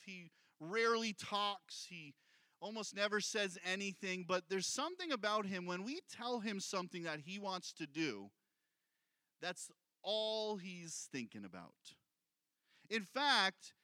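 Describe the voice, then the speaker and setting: Middle-aged male pastor, bright tone, chatty sermon delivery with questions to the crowd. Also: high voice, no room sound. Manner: conversational preaching, repeats key points, asks the congregation questions.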